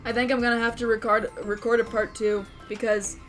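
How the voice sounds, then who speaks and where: A woman's voice: on the high side, flat delivery, a little fast, a bit bright, faint music behind. A woman telling an unscripted tabletop game story, rambling, swearing and laughing. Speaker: YouTube storyteller, game master.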